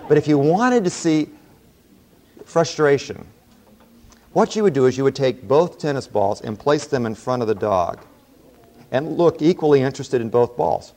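A man teaching a Bible class, explaining a book and telling folksy stories in a relaxed, conversational way. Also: mid-range voice, normal speed, long pauses. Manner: relaxed storytelling with folksy asides.

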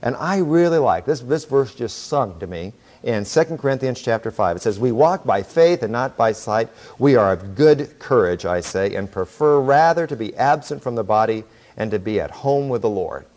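A middle-aged man giving a lively sermon with humorous, sarcastic asides. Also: mid-range voice, moderate pace, hardly any pauses. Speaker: preacher.

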